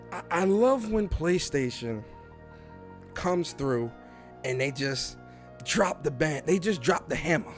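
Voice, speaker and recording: A man hosting a casual livestream podcast, animated, repeating himself and greeting the chat. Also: fairly high pitch, slow pace, soft background music. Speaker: podcast host.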